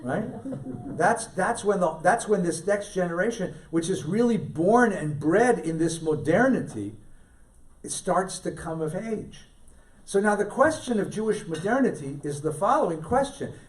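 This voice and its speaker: Animated rabbi lecturing in a hall. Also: male voice, high-pitched, moderate pace, recorded from a distance. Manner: animated storyteller, jokey asides, repeats key lines. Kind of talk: lively lecture with anecdotes. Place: synagogue hall.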